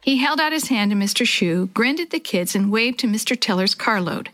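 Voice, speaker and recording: A woman narrating a children's story aloud in a clear, expressive storytelling manner. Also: mid-range voice, fairly quick, hardly any pauses.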